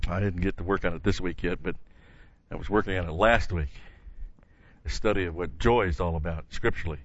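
A man's voice: lowish voice, fairly bright tone, highs cut off. A man teaching a Bible study in an earnest, emphatic way, stopping often with "uh" and restarting phrases.

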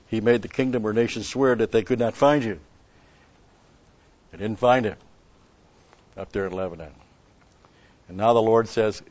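A man's voice: fairly low pitch, normal speed, pauses often, darkish tone, dry recording, highs cut off. A man preaching a sermon, telling a story and asking rhetorical questions with an occasional chuckle.

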